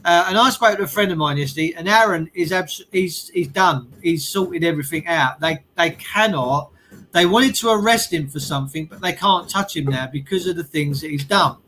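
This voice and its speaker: A man with a high voice talks in a casual chat, earnest and emphatic. He keeps repeating his key phrases, and faint room noise sits behind him. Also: moderate pace, pushed and bright, rough recording.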